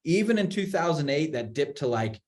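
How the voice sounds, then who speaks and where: Guy on a webinar call explaining marketing, lively, keeps restarting his sentences. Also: fairly high pitch, fairly quick. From Utah. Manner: animated, many restarts and repeated words. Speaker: marketing executive guest.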